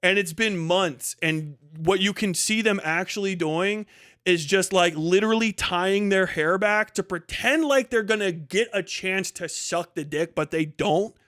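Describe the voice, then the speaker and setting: A man streamer ranting on a livestream, profane and sarcastic, with fast bursts and sudden drawn-out words. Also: high-pitched, a bit bright, no echo, studio quality. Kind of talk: livestream rant.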